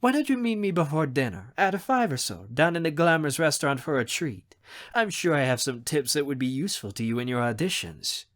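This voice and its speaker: A man's voice: a little high, very animated, brisk, a bit bright. A man reading an audiobook, voicing a charming male hotel manager in his fifties who talks with genial, teasing assurance. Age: 50s.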